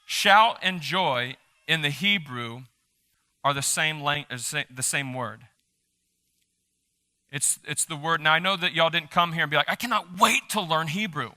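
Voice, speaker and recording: A male pastor giving a live sermon in a church, animated and emphatic, joking with the congregation. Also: fairly high pitch, measured pace, long pauses, clean tone. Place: church sanctuary during a service.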